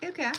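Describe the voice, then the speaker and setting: A woman's voice: pushed and bright, a little hiss or hum, low-quality recording. A woman giving a casual card reading, chatty and blunt, swearing freely as she talks. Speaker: tarot reader.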